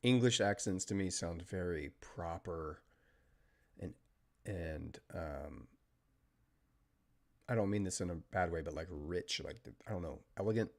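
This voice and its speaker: An American man hosting a live trading stream, chatting casually and talking through market moves, with fillers and trailing pauses. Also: deep voice, vocal fry. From United States. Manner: steady technical market commentary. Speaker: trading livestream host.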